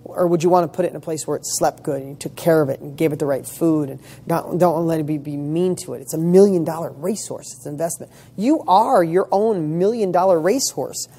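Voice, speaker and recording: A man with a slightly high, dark voice and a breathy edge talks briskly, hardly pausing, as he coaches real estate students. His motivational talk is emphatic, packed with rhetorical questions and casual swearing.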